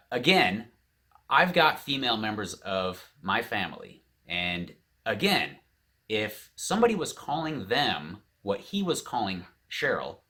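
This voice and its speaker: A man casually telling a story straight to camera, quoting the people involved without changing his own voice. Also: fairly low pitch. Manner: animated, quotes others in his own voice. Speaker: vlogger. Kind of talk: storytelling vlog.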